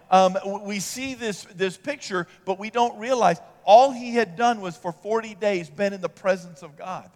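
A man's voice: high voice, long reverb tail. A male pastor giving a sermon in a conversational way, checking in with the congregation as he goes. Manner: conversational preaching with check-in questions.

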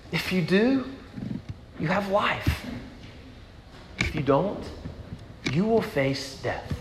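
A pastor preaching a sermon to his congregation, earnest, moving between strong emphasis and hushed rhetorical questions. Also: high-pitched. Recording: echoey hall with background noise.

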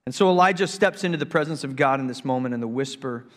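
A male pastor preaching a sermon in a church, swinging between loud, excited preaching and hushed intensity, emphatic and repetitive. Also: medium pitch, fast talker. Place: church sanctuary. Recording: long reverb of a large hall.

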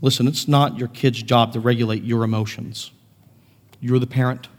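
A man preaching a sermon as pastor, earnest, moving between quiet reflection and raised, impassioned passages. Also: medium pitch, fairly even intonation, normal speed, in a large hall. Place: church sanctuary.

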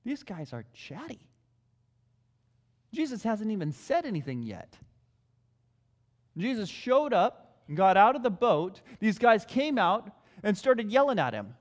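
A man's voice: high-pitched, sing-song, unhurried, long pauses. A male preacher giving a sermon in a conversational, emphatic way, repeating his key points. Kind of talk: expository sermon. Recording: long reverb in a large hall.

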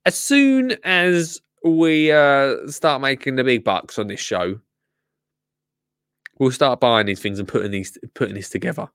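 A man's voice: medium pitch, lively intonation, a little slow, a bit bright, clean tone, no room sound, studio quality. Chatty English man hosting a show. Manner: chatty, jokey, rambling. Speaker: show host. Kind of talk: casual live show chat.

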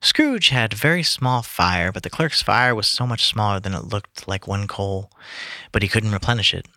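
A man's voice: fairly low pitch, animated, moderate pace, bright, forceful tone, no echo, clean studio sound. Tired man stumbling through a read-aloud. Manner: stumbling, restarting, swearing when lost. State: tired late at night. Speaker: reader among friends. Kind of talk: casual read-aloud of a classic story.

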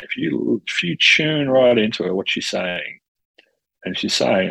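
A man hosting a casual conversation, animated and quick to act out dialogue, often restarting his sentences. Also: mid-range voice, no room sound, rough recording. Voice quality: gravelly, husky. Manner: animated, self-interrupting, acts out quoted dialogue, swears casually.

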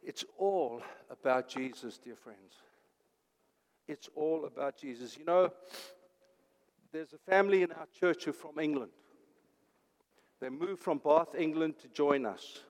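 An older man preaching a sermon, swinging between urgent loud declaring and hushed, quiet phrases. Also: fairly high pitch, a little slow, pauses often, in a large hall. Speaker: pastor.

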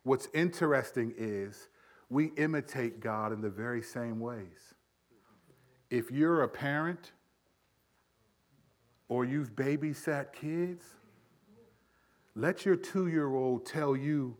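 A middle-aged male pastor preaching a sermon, animated, acting out everyday dialogue as he teaches. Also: medium pitch, takes it slowly, long pauses.

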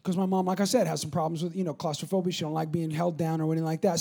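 A man preaching a sermon to a congregation, telling funny stories and acting out voices in an animated way. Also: extremely high pitch. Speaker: pastor. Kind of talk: sermon with storytelling.

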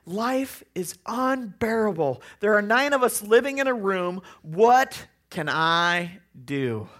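A worn-out man pleads for help, exasperated and slow, as a preacher puts him on. The tone is bright and strained. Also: medium pitch, animated, voice pushed up. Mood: pleading. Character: desperate poor man complaining to a rabbi.

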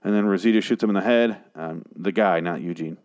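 A man with a fairly low voice rants through a TV episode recap in a casual, sarcastic way. He swears freely, sounds exasperated, and drops quick mocking voices for the characters. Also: a little mellow. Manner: sarcastic, profane, exasperated ranting; mimics characters in brief jokey voices. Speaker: podcast host reviewing a TV episode.

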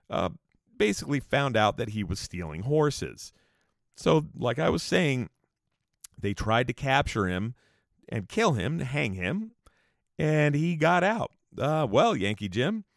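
Gravelly-voiced man telling a story. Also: fairly low pitch, no echo, studio quality. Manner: rambling, with restarts and asides. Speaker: podcast host. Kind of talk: casual history storytelling.

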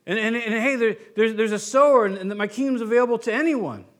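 A man's voice: very high-pitched, quick pace, a bit bright. A man preaching a sermon in an informal, explanatory way, like a pastor teaching his congregation. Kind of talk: conversational sermon.

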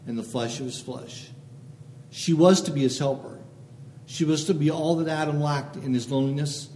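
A man's voice: mid-range voice, mellow, slight background noise. Man preaching in a reverberant hall. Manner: short phrases, reads scripture aloud, asks the listeners "okay?". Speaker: pastor. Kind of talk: sermon.

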